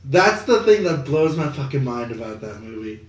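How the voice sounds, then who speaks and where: Animated, swearing man in an echoey room. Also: medium pitch, normal speed. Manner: swearing, animated, many "like" fillers. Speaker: podcast co-host. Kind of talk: casual chat about movie news.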